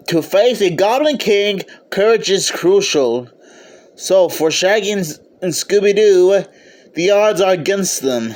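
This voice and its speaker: A man's voice: high voice, lively intonation, slow, long pauses, a little mellow. A man giving an eager, casual video review of a film, often stopping to restart or correct himself. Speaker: movie reviewer.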